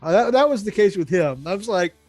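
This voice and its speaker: Male co-host, animated storyteller, laughs often, slightly high voice, low music bed. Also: brisk, no echo. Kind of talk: casual chat about tabletop gaming.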